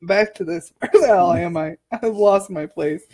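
A woman co-hosts a chatty recap podcast. Her husky voice moves at an unhurried pace, and she dissolves into laughter often. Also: fairly low pitch, darkish tone. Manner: giggly, laughs often and hard. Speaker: podcast co-host recapping a reality show. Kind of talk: casual chat.

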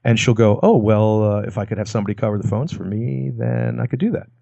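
A man's voice: fairly even intonation, quick pace, gravelly, warm tone, no echo, highs cut off. A man explaining communication techniques in a conversational talk, acting out short quoted lines as examples. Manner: demonstrates lines with acted quotes and lowered voice. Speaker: guest expert on persuasion.

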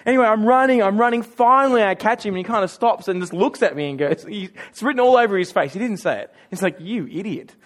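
An Australian man preaching with a notably high voice. He speaks in a relaxed, chatty way and pokes fun at himself as he tells stories from the pulpit. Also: quick pace, hardly any pauses. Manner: conversational storytelling with self-mocking humor. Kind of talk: sermon.

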